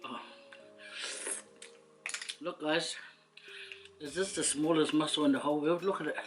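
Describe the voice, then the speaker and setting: Over music, a woman with a Samoan accent and a deep voice chats playfully to the camera as she eats, teasing her food and giggling. She is a mukbang vlogger, keeping a steady tone and a measured pace in this casual eating chat.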